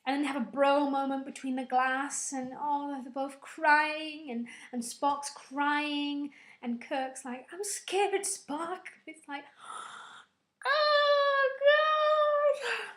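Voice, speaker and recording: A woman giving a rambling, excitable spoken film review, full of "like" asides. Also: high-pitched, a little slow. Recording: echoey room.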